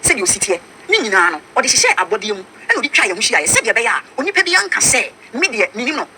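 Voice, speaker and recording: A woman's voice: a little high, very animated, racing, bright, forceful tone, slight background noise. A Ghanaian woman pastor with a Ghanaian accent, preaching emphatically and mixing English with Twi. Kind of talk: preaching talk-show discussion.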